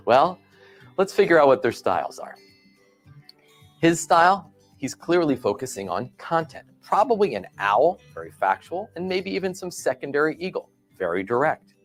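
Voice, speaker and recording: Male trainer in a training vid, really animated pitch, soft music underneath. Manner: expressive storyteller, asks the listener questions. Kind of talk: recorded training video lecture.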